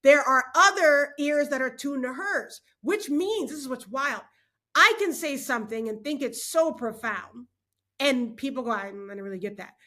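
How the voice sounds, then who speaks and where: A woman's voice: high voice, unhurried, sharp tone. A middle-aged woman, a motivational speaker, talking expressively on a faith podcast, laughing often and preaching her points. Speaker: guest speaker. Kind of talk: animated podcast conversation.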